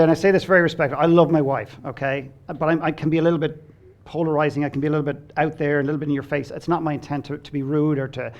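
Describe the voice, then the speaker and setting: A man with a gravelly, creaky edge to his voice, pitched somewhat higher than most men. He talks as a guest coach in an earnest, blunt conversational way. He acts out bits of quoted dialogue and swears without fuss. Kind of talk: conversational storytelling.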